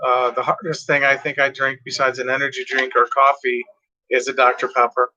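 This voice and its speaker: A man's voice: mid-range voice, little pitch movement, fairly quick, sharp tone, dull audio. A tired, yawning man rambling casually as he reads out track lists from his cassette tapes. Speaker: music collector reviewing cassette tapes.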